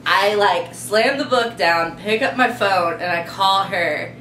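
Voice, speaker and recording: A woman's voice: medium pitch, slow, bright, forceful tone. A young woman telling a story in a dry, matter-of-fact casual vlog style. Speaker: vlog co-host. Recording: echoey room with faint noise.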